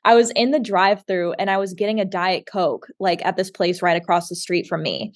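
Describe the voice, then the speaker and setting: A woman's voice: fairly low pitch, a little fast. A young woman from the Kentucky area, co-hosting a podcast, telling a story in casual talk with lots of "like", acting out the quotes. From Kentucky area, USA. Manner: animated, acts out quotes, frequent "like". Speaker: podcast co-host.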